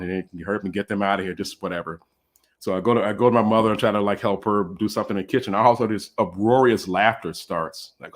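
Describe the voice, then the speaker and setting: A man telling a comic personal story in a casual, animated way, full of fillers, over a video call. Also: on the low side, a little fast.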